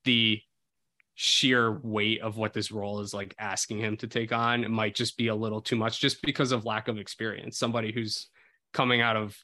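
A man's voice: on the low side, flat delivery, moderate pace, pushed and bright, dry recording. A man from New Jersey co-hosting a casual film podcast, often stopping to restart his sentences. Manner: hesitant, often restarts and repeats words. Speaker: podcast co-host.

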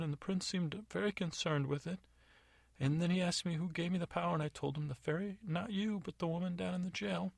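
A man voicing a doltish young male guard captain who whines and panics, pitched far up from his own voice. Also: vocal fry, no room sound. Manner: whiny, panicky.

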